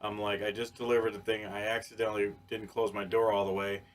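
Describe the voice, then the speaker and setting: A man on a podcast telling a story in casual chat, animated and profane, with many restarts. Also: on the low side, fast talker, slight background noise. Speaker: podcast co-host.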